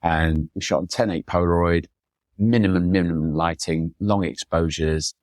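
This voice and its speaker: Middle-aged guest, low voice, dry close sound, enthusiastic storyteller. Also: male voice, steady tone, moderate pace, dry recording. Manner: enthusiastic, chatty anecdotes with acted quotes. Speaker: photographer guest. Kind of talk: storytelling conversation.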